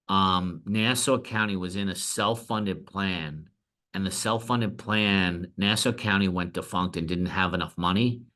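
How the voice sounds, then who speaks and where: Middle-aged New man, insurance broker guest, bright, crisp tone; lively anecdotes, acts out the people he quotes. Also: low voice. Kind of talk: storytelling in a podcast interview.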